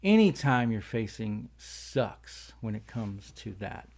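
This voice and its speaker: A man's voice: on the low side, sing-song, takes it slowly, a little mellow. A man hosting a casual talk show, rambling and folksy while talking around tobacco in his mouth. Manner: rambling, folksy, says "y'all". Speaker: host.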